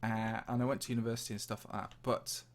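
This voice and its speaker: A man's voice: fairly low pitch, level tone, quick pace. Chatty man with a slightly posh English accent. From English Midlands. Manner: chatty and rambling, answers viewer questions. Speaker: Minecraft channel host. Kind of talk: casual livestream chat while touring a game map.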